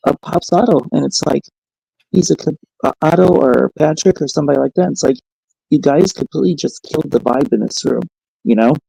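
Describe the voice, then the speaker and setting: Sleepy man with a gravelly voice. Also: mid-range voice, dark tone, no echo, poor audio. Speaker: stream host. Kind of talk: late-night casual chat. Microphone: phone held to the face.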